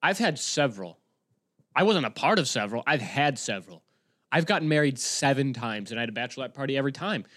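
Lively-voiced man telling a rambling story. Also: fast talker, no echo, clean studio sound. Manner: rambling, self-mocking, jokey, swears a lot; bursts into loud high-pitched yelling for impressions. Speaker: podcast host. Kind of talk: casual solo storytelling. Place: home room.

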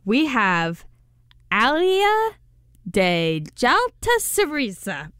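A woman's voice: mid-range voice, expressive, measured pace, fairly bright tone, clean tone, no echo, studio quality. A woman co-hosting a casual recap podcast, giggling and stumbling as she reads out listeners' names. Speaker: podcast co-host.

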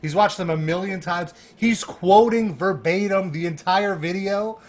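A man's voice: high voice, unhurried. Chatty man telling a story with laughs. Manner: animated, laughing, lots of fillers and restarts. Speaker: guest. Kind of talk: casual storytelling in a podcast chat.

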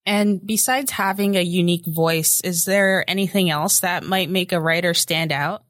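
A woman's voice: on the low side, steady tone, moderate pace, fairly bright tone, no echo, clean studio sound. A woman hosting a podcast, putting brief, plain questions to a guest. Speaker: podcast host. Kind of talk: interview questions.

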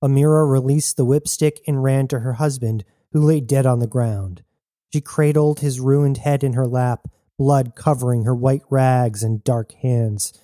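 Male narrator, dark mellow tone, dry booth sound, steady storytelling. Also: medium pitch, a little slow, dry recording. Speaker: audiobook narrator. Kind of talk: scripted narration.

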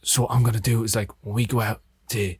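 A man's voice: lowish voice, fairly even intonation, fast talker, darkish tone. An Irishman mimicking a brash Australian film star. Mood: blunt matey. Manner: gruff, sweary, matey.

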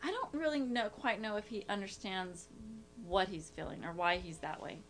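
A woman's voice: medium pitch, very animated, moderate pace, over a noisy crowd. A woman, a mother telling exasperated stories about her kids in casual chat.

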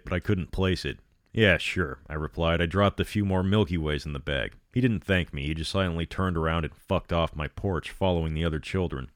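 A man with a very deep voice narrates a horror story, breaking off now and then for a sardonic aside. The recording is dry and close, with no room sound around him. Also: dry recording. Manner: sardonic asides between reading.

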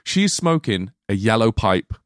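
A man in casual podcast chat, picking apart a film with energy and plenty of swearing. His pitch jumps around a lot as he explains. The sound is close and dry. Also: no echo. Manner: animated, swearing, quick explanatory bursts. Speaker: podcast co-host.

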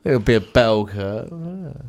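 A man's voice: fairly low pitch, animated, normal speed. A man chats in a playful, hesitant way, trading quips with his co-host. His voice moves freely up and down. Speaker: podcast co-host. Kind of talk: casual comic chat.

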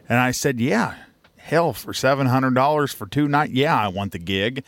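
A man co-hosts a casual chat show, telling a road story in a folksy, meandering way. His voice sits at an ordinary pitch and comes across dry and close, with no room sound. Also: moderate pace, fairly bright tone, dry recording. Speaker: podcast co-host.

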